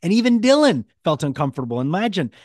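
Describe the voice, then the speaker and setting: Fast-talking male podcast host, mid-pitched voice, dry close sound, agreeable casual chat. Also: very animated, a little mellow, no echo. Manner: fast, agreeable, backchannels often.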